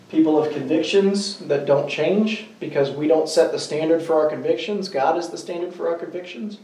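A man leads a Bible study in a meeting room, asking his small group questions and drawing out key words slowly. His voice sits a little high and is picked up from some distance, with a roomy echo around it. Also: dark tone. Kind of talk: interactive Bible class teaching.

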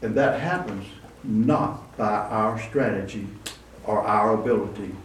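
A man with a lowish voice preaches a little slowly in a church, keeping his sermon conversational with asides and restarts. Recorded from a distant mic, it carries a roomy echo and faint room noise.

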